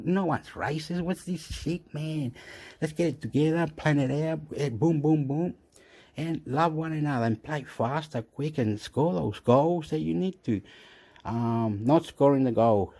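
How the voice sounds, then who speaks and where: A man from Chile, ranting in a rambling, excitable way as a vlogger who swears and laughs often, recorded on a phone. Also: fairly high pitch, normal speed. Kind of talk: casual rambling rant.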